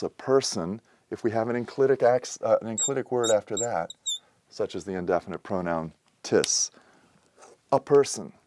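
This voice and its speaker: A man calmly explaining a grammar lesson in a methodical, patient way, with a few fillers. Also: lowish voice. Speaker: teacher. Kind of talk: explanatory lecture.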